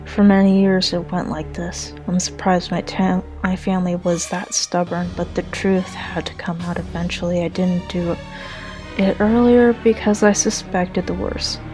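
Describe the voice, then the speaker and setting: A woman narrating a dark first-person pony story in an earnest, slightly halting reading. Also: lowish voice, steady tone, music in the background, low-quality recording.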